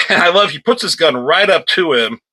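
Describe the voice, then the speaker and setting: Casual bright-voiced man reviewing comics. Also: on the high side, lively intonation, normal speed, slightly rough, low-quality recording. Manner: rambling and offhand, stops to scold his cat.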